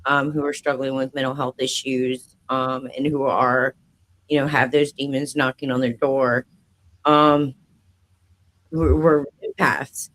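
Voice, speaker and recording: A man hosting an interview show, speaking gently and affirming his guest. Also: mid-range voice, little pitch movement, measured pace, low-quality recording. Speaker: host.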